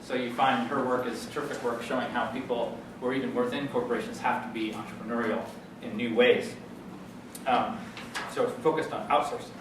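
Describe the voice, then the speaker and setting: A man giving an academic lecture as a guest speaker, halting with many fillers and restarts. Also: mid-range voice, flat delivery. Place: lecture hall. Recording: echoey hall, distant mic, noisy.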